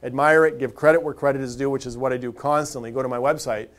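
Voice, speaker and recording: A man gives a motivational tip by telling a personal story. He talks fast in an ordinary mid-range voice, chatty and anecdotal, often restarting his sentences. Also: medium pitch, fairly even intonation. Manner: conversational, anecdotal with many restarts. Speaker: motivational speaker.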